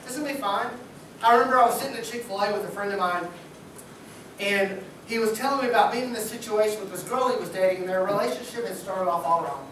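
A man's voice: high voice, quick pace, fairly bright tone, slight background noise. A man preaching a sermon in a casual, joking, buddy-like way. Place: church sanctuary. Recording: echoey church hall from far off.

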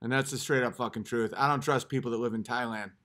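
This streamer rants combatively at his chat, swearing, repeating brief phrases, and lurching between mutters and shouts. He talks fast in a mid-range voice with fairly even intonation, and there's a little hiss or hum.

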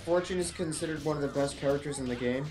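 A man commentating a fighting-game match casually, coaching and explaining moves, quick to yell at big plays. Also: fairly high pitch. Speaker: esports commentator.

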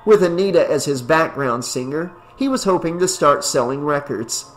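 A man giving a steady audiobook narration of a horror story. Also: on the high side, moderate pace, faint music behind.

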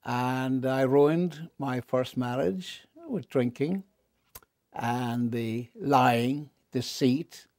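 A man in a candid interview, a wry and animated storyteller who jumps up in pitch for punchlines and drops low and quiet on serious confessions. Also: drawn-out words, no echo, clean studio sound. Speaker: interview guest.

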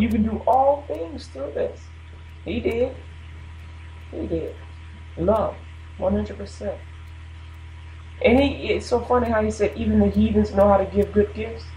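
A woman's voice: medium pitch, darkish tone, roomy sound, rough recording. A woman hosting a radio show, talking casually about faith and laughing between her points. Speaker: radio host.

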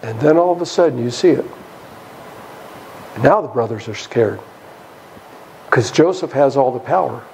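A man's voice: mid-range voice, expressive, moderate pace, gravelly, long pauses, darkish tone, a little hiss or hum, low-quality recording. A man preaching a Bible study sermon in a church, emphatic and chuckling as he goes.

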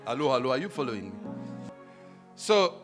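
A man's voice: medium pitch, fairly quick, soft background music. A middle-aged man preaching and praying in a church, stopping line by line for an interpreter and calling out to the congregation playfully. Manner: energetic, playful, calls out to the congregation. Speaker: pastor. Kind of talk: sermon with live interpretation. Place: church hall.

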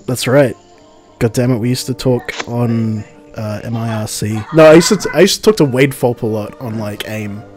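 A man's voice: medium pitch, normal speed, a little mellow, soft background music. A man co-hosting a podcast in casual chat, joking and laughing often. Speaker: podcast co-host.

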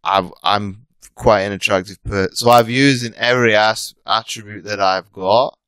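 A man's voice: fairly low pitch, fairly even intonation, normal speed, a bit bright, clean tone, dry recording. A British man in his thirties chatting casually as an interview guest, talking in loose, rambling sentences full of restarts and self-corrections. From Britain. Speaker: podcast guest, coach.

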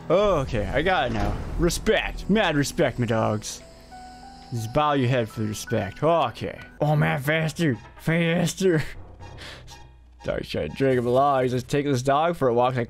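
Man, game streamer, hoarse-ish and tired, lively up-and-down voice, faint music behind. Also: mid-range voice, normal speed. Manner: playful, laughs often, swaps swears for frick and freaking. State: tired and losing his voice. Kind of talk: casual live-stream commentary.

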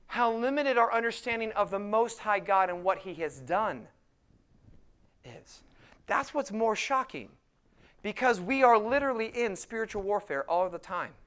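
Smooth-voiced man preaching a sermon. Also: high-pitched, bright, forceful tone. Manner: preaching with emphatic, slowed scripture quotes. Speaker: pastor.

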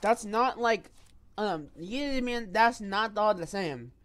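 Slow-talking woman trash-talking in game chat. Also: mid-range voice, lively intonation. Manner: joking trash talk with repeated phrases. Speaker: player recording gameplay.

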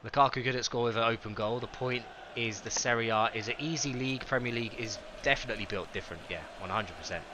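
A young man streaming a football game live, chatting excitedly with viewers and reacting to the match. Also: medium pitch, fast talker, few pauses, background noise. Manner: excitable, chatty, greets chat by name.

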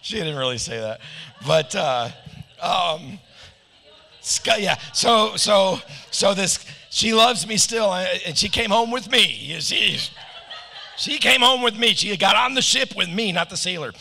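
A man's voice: high-pitched, animated, measured pace, gravelly, bright, forceful tone. A middle-aged American man preaching a sermon, telling stories with joking asides. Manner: joking asides, playful storytelling. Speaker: pastor. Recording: long hall reverb.

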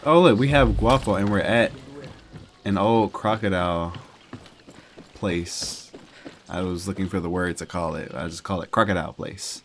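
A man casually commenting on his own gameplay, chatty and breaking into loud excited yelps. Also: sits low, normal speed, long pauses, a little hiss or hum. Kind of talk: casual let's-play commentary.

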